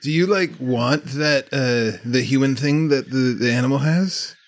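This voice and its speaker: A man's voice: medium pitch, a little slow. Laid-back male player. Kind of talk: casual tabletop game banter.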